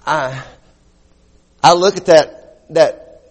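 A middle-aged man preaches a sermon in a high, bright register, leaning hard on key words and repeating lines for weight. His voice rings out in a church hall with a long, trailing reverb. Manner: emphatic preaching with slow deliberate stresses and repetition. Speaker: pastor.

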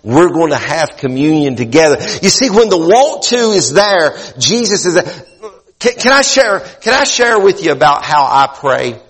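A man preaches in a high voice, earnest and often repeating himself for emphasis. His sermon carries a long reverb from the hall around him. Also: sing-song, moderate pace, a bit bright. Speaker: pastor.

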